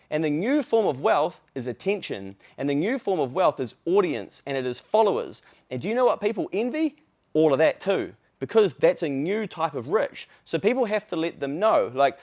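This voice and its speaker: A man's voice: fairly high pitch, big pitch swings, normal speed, darkish tone. A blunt man speaks in a slightly raised voice. He hosts a podcast and rants in a casual, profane way. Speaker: podcast host. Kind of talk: casual opinion rant.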